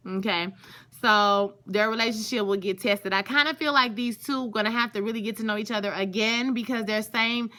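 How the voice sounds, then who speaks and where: Lady doing a chatty show recap vlog, kinda high bright voice, talks right to her viewers. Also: moderate pace. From Louisiana. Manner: chatty and gushing, often calls out to viewers. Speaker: TV show reviewer.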